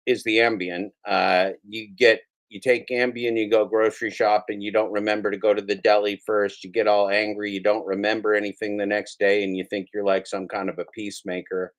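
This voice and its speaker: A man hosting a livestream, talking in a drawling, sarcastic way with lots of pauses and fillers. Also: fairly low pitch. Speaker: livestream host. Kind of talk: casual livestream chat.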